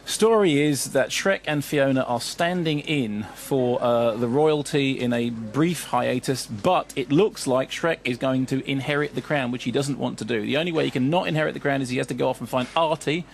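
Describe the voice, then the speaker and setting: A man's voice: medium pitch, normal speed, vocal fry, few pauses, a little hiss or hum. A man giving a wry, digressive radio film review as a film critic, full of asides.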